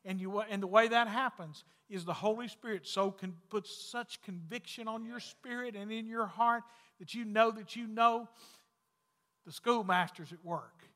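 A man preaching a folksy sermon as pastor, swinging between loud calls and hushed, intimate lines. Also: high-pitched, moderate pace, long reverb tail.

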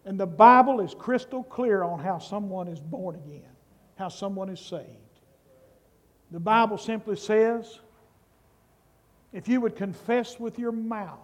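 High-voiced preacher, slow and emphatic. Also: male voice. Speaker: pastor. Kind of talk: sermon.

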